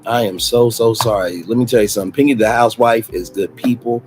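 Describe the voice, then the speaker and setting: A man's voice: medium pitch, quick pace, soft background music, low-quality recording. A man with a Southern US accent hosting a late-night livestream, chatting sassily and reading comments aloud. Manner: animated, sassy, reads chat comments aloud. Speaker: livestream host.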